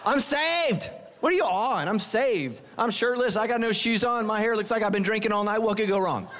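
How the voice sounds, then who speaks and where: A senior pastor preaching with the animated, self-mocking timing of a storyteller. His male voice sits high, and each line rings out with a long church-hall reverb. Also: fairly quick, a little hiss or hum. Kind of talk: humorous sermon storytelling.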